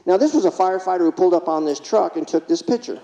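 A man's voice: high-pitched, quick pace, dark tone. A man giving a humorous conference keynote, telling stories and acting out what others said. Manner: humorous, acts out quotes from patients. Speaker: keynote speaker. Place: conference hall. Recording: lo-fi recording, long hall reverb.

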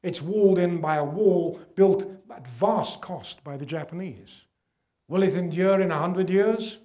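An older man speaks to a gala audience in a measured lecture. His voice sits a little high for a man, and he leans on key words, then drops to a hush when the stakes are serious. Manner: earnest, emphatic, drops to quiet for weight. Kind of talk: public lecture with slides. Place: gala event hall.

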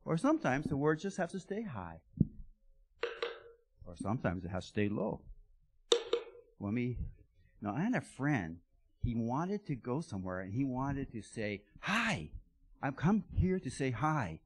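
A man's voice: mid-range voice, very animated, normal speed, pauses often, heavy background noise. A man giving a playful children's talk at a church service, asking the kids lots of questions. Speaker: guest speaker giving children's blessing. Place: church sanctuary.

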